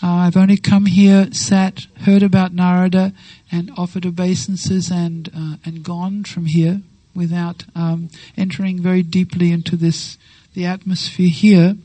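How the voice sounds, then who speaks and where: A woman giving a devotional talk, telling a sacred story with lively acted-out quotes and slow, reverent phrasing. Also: fairly low pitch, dry recording, rough recording. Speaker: devotional speaker.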